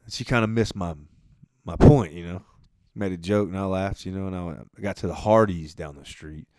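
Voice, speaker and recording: A man hosting a podcast, telling a rambling, profane story in a laid-back way, his voice often trailing off quietly at the end of phrases. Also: low voice, a little fast, dry recording, studio quality. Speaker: podcast host. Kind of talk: casual monologue.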